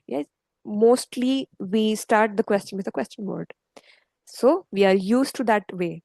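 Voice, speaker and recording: In an online language lesson, a woman teaches French grammar patiently, explaining step by step and often checking in with "okay." Her voice is medium-pitched and darkish, with no echo on a low-quality recording.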